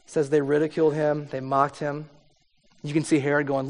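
A man's voice: a little high, moderate pace. A man preaching a conversational sermon, reading scripture and explaining it, sometimes acting out the people in the story. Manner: conversational preaching, acts out voices with rising intensity. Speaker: pastor. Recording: long hall reverb.

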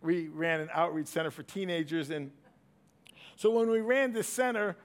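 A middle-aged man preaching a sermon, swinging from loud emphatic bursts to hushed asides. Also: on the high side, moderate pace. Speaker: pastor.

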